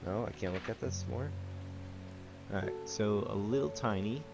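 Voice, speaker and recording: This is a man giving let's-play commentary on a puzzle game. He thinks aloud in casual asides, trailing off and restarting. His voice is very low and gravelly. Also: moderate pace, over music. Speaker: game reviewer.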